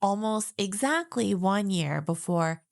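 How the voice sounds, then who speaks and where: A woman's voice: mid-range voice, animated, slow, vocal fry, no echo, clean studio sound. A woman co-hosting a podcast in a casual chat, telling facts and laughing often. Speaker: podcast co-host.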